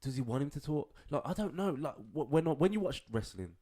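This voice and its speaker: A man's voice: fairly high pitch, lively intonation, fairly quick, dark tone, breathy edge. A young man with a Birmingham accent, co-hosting a podcast in casual, slangy chat full of swearing and laughs. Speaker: podcast co-host.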